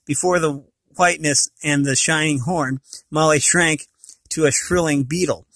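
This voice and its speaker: A man's voice: a little high, steady tone, normal speed, a bit bright, no echo. A man reading a storybook aloud, often stumbling and correcting himself mid-sentence. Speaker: reader of a novel.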